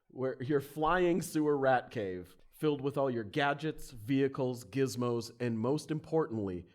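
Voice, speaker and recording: Male game master, mid pitch, loose comic narration, laughs often. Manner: laughs through his narration.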